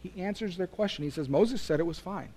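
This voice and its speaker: A man preaching to his congregation in an earnest, emphatic way, his voice sitting a little higher than most men's. He builds his points with force, then drops quiet and low to drive them home. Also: animated, quick pace. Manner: earnest, emphatic preaching with rising and falling intensity. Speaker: pastor. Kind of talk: sermon.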